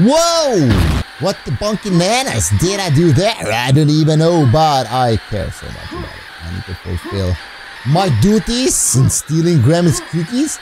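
Silly male gamer narrating his play, gravelly voice, bouncy lively pitch. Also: background noise. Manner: goofy, rhyming nonsense words, frequent laughs. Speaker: gameplay commentator. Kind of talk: playful game commentary.

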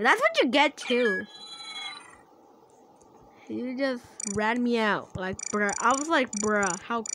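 A woman talks her way through an online game in loose, casual commentary, drawing out her words at an easy pace. She breaks into laughs and shouts whenever something happens. There's a steady hiss of noise under the recording. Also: on the high side. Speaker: gaming channel creator.

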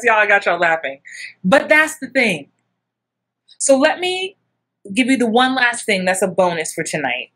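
Middle-aged woman, acting coach, lively chatty teaching voice that jumps high in acted-out bits. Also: breathy edge. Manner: animated, acts out little scenes with big jumps in pitch. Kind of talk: casual coaching talk.

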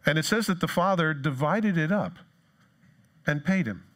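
A man preaching a sermon in a church, animated, acting out the voices of people in the story. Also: on the high side, normal speed. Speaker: pastor.

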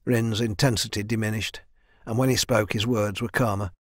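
Measured male audiobook narrator, dry. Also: lowish voice, no room sound. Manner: even, measured storytelling. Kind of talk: scripted narration.

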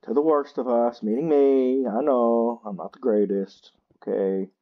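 Guy hosting a gaming channel, unhurried tired chatter, slightly dull mic. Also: mid-range voice, steady tone. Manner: slow, chatty and self-mocking. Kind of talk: casual gameplay commentary.

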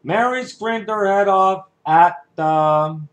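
A man's voice: sits high, slow, reverberant. A man playing every part of a game show by himself, with announcer patter, humming its theme music himself. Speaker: one-man game show parody performer. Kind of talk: playful solo game show imitation.

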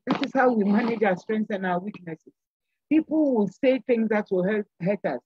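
An older woman appears as a guest on a church program, delivering an earnest, sermon-like exhortation and repeating phrases for emphasis. Her mid-range, darkish voice moves at normal speed, with the highs cut off and slight background noise.

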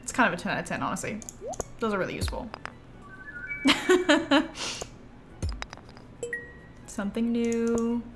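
A young woman chats her way through a game stream, playful and talkative, reacting aloud and talking to herself. Her voice sits high and swings widely in pitch. Faint game music plays quietly behind her. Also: sing-song, a little slow, pauses often. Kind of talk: casual live-stream chatter while playing.

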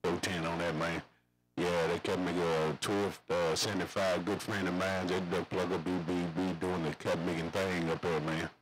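A man's voice: low-pitched, flat delivery, normal speed, over music, low-quality recording. A man chatting over CB radio, rambling in slangy, repetitive radio lingo. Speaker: CB radio operator.

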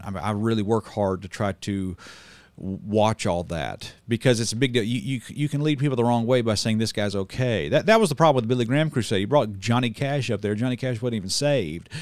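A middle-aged man preaching in a heated commentary video, swinging from loud outrage to low calm and often repeating words. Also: no echo. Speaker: street preacher and channel host.

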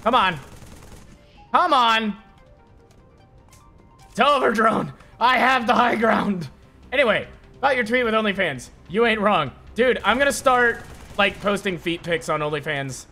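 Excitable swearing male game streamer. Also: high-pitched, unhurried, long pauses, faint music behind. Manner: excitable, swears often, shouts at enemies. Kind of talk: live gameplay commentary.

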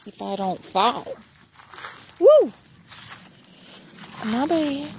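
A woman's voice: on the high side, lively intonation, slow pace, pauses often, slight background noise. A woman, cooing sing-song baby talk to her dogs outdoors, recorded on a phone. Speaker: vlogger. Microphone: phone camera.

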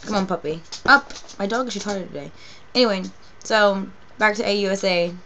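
A woman's voice: medium pitch, fairly quick, pushed and bright, a little hiss or hum. Profane rambling New York woman. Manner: rambling, profane, laid-back. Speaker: vlogger and cosplay performer. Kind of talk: casual story-time vlog.

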